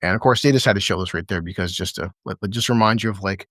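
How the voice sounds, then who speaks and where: A man's voice: low voice, quick pace, fairly bright tone, dry recording. Male streamer, loose profane recap talk, frequent laughter, dry mic. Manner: rambling, profane, laughing often. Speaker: show recap host. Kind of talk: casual livestream episode recap.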